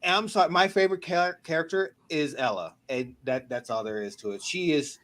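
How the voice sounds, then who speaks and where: A man's voice: on the high side, a little fast, fairly bright tone. A man hosting a casual pop-culture podcast, talking animatedly and acting out his own reactions in quotes. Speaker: podcast host. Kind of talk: casual chat.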